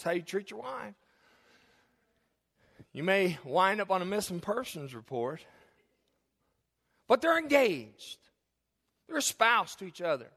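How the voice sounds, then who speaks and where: A man in his forties, a pastor preaching a sermon in a church, animated and jokey, telling stories and acting out the people in them. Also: high voice, breathy edge. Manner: animated, jokey, acts out characters in anecdotes. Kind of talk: sermon with storytelling. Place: church sanctuary. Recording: long hall reverb.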